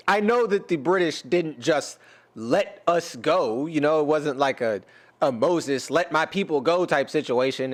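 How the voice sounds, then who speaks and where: An American man with a slightly raised pitch rambles through casual reaction commentary. He jokes, trails off and restarts often, leaning on fillers as he thinks aloud. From United States. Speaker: reaction YouTuber and rapper.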